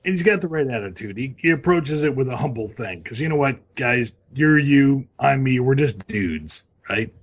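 A rowdy middle-aged man chatting on a podcast with a gravelly, husky voice. His pitch swings all over the place as he jokes, and he keeps slipping into cartoon impressions. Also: expressive, fairly quick, hardly any pauses. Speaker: podcast guest, voice actor. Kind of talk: loose comic chat.

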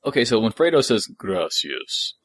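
A man co-hosting a podcast in laid-back, enthusiastic fan chat. His voice sits low. The recording is dry and close. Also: brisk, no room sound. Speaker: podcast co-host. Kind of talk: casual chat.

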